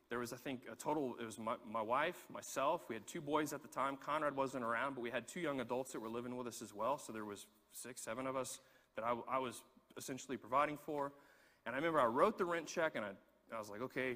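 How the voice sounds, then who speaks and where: Man, pastor, animated sermon storytelling, bright tone, long hall reverb. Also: mid-range voice. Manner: animated storytelling, repeats words when excited.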